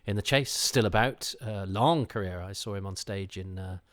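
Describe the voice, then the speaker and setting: Hosting a podcast, a middle-aged man eagerly digresses while talking through an old TV episode, chasing tangent after tangent. He speaks at normal speed in a slightly low voice, tripping over fillers and restarts.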